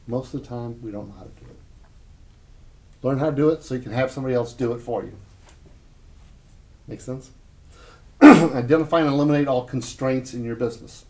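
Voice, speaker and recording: Guy running a business workshop, chatty and punchy, short lines, tells stories to a small room, mid pitch. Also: a little fast, long pauses, darkish tone. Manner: punchy, conversational, short emphatic phrases. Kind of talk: live workshop talk with anecdotes.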